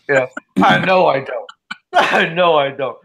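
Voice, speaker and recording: Swaggering slow-talking male podcast host. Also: a little high, expressive, gravelly, fairly bright tone. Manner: swaggering, mock-serious, laughs often. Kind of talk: casual chat, trash talk.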